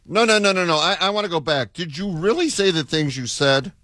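A man's voice: fairly high pitch, lively intonation, a little fast, sharp tone, no room sound, studio quality. A man hosting a sports radio show, prompting his co-host with eager questions. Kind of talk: radio banter. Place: radio studio. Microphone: studio microphone.

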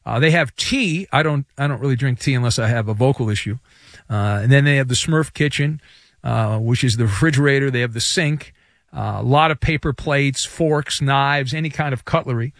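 A man's voice: medium pitch, normal speed, no room sound. A man hosting sports radio, giving a sarcastic, joking monologue from the studio. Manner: sarcastic, joking, lively delivery.

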